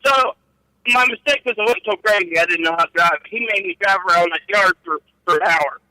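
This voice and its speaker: Telling casual stories as a guest, a middle-aged man laughs at his own rambling, crude recollections of trucking. His voice sits high with a sharp tone and a fairly quick pace. The audio is poor, with no room sound.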